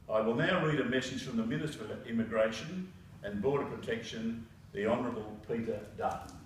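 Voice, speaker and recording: A man's voice: mid-range voice, brisk, a little hiss or hum. A man presiding over a citizenship ceremony, giving a formal speech and reading with frequent hesitations. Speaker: council presiding officer. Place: council meeting room. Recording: echoey council chamber from far off.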